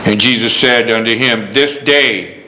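A man preaching in a bright, forceful voice. He tells a story and builds to excited preaching. His voice rings through an echoey hall over a faint hum. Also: mid-range voice, unhurried. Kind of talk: sermon.

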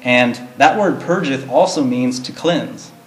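A man's voice: medium pitch, animated, unhurried. Earnest male Bible teacher, roomy echo. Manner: earnest, explains plainly, reads verses in King James wording. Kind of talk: verse-by-verse Bible study teaching.

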